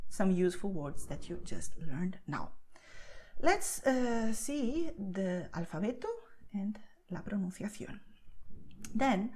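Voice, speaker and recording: A woman with a Castilian Spanish accent patiently explains a beginner lesson, speaking slowly but very animatedly. Her medium-pitched voice is a little mellow, and she often checks in with "okay?"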